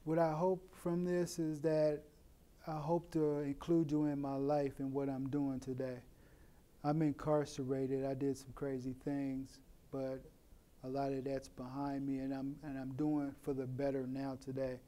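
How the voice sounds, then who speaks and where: A middle-aged man from Oakland, telling a personal story in a plain, unhurried way with many "you know" asides. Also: medium pitch, completely flat delivery, mellow. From Oakland, California. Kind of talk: personal story told to camera. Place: in prison.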